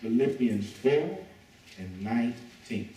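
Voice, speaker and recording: Male guest preacher, relaxed call-and-response delivery, recorded at a distance in a reverberant church. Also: mid-range voice, slow, slight background noise. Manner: relaxed, joking, invites the congregation to talk back. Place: church sanctuary. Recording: echoey church heard from a distance.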